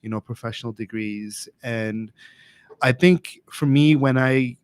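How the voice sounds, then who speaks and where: A man's voice: mid-range voice, measured pace, clean tone. A man, a teacher and father, explaining school options chattily with many fillers. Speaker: teacher and podcast guest. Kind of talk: casual conversational explaining.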